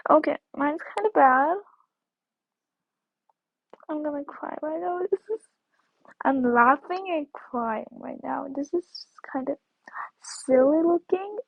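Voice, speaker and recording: A woman talks through her game in a high, unhurried voice, rambling and repeating herself with sudden squeals and hushed whispers. The recording is dry and dull, with a lo-fi sound. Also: gravelly, no room sound. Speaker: gaming video creator. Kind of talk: casual gameplay commentary.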